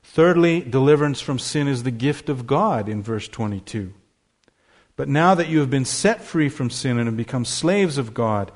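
A male pastor preaching a sermon in church, earnest, slowing down and repeating key phrases for stress. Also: fairly high pitch, a little mellow.

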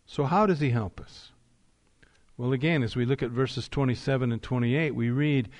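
Male pastor, mid-pitched, preaching with emphatic rises and deliberate slowdowns. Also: darkish tone. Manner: emphatic preaching, rising on key phrases, slowing for weight. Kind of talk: sermon.

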